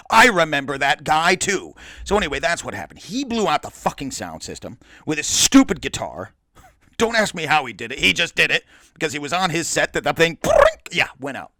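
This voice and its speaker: Brief: middle-aged man, podcast host, lively swooping delivery, bright tone, profane asides. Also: fairly high pitch, dry recording. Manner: boisterous, profane, rambling asides. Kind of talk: casual storytelling monologue.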